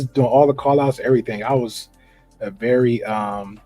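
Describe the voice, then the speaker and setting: A man talks loosely and casually on a podcast, dropping slang and circling back on his words. His voice sits in an ordinary middle pitch. The sound is dry and close, with faint music underneath. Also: normal speed, no echo. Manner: relaxed, laid-back slang, frequent restarts and fillers. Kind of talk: casual conversation.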